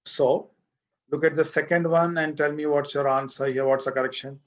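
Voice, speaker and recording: A man's voice: a little high, fairly even intonation, moderate pace, dull audio. A man with an Indian English accent teaching an English grammar class, asking the class questions and repeating his points. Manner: explains with repetition and questions to the class. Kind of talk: classroom lecture.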